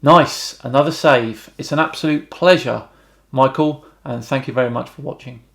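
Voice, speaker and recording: A British man hosting a YouTube channel, reading out viewer comments and answering them with wry, deadpan remarks. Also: mid-range voice, normal speed, vocal fry. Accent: British English. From Britain.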